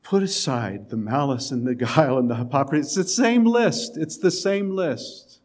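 A man preaching a sermon in a conversational way, with quiet, emphatic lines and the odd chuckle. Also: a little high, expressive, normal speed. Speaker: pastor.

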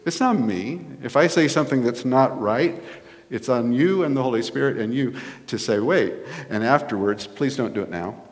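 Pastor preaching in a reverberant church. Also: male voice, medium pitch, animated, moderate pace. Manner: conversational preaching, rising to emphatic points. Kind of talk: sermon. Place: church sanctuary. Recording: long reverb of a church hall.

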